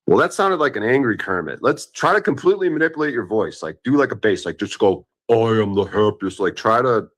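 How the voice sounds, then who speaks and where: A man's voice: medium pitch, big pitch swings, fast talker, hardly any pauses, a bit bright. A man hosting a casual group stream, joking around and teasing his guests. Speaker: host. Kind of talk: casual chat on a live stream.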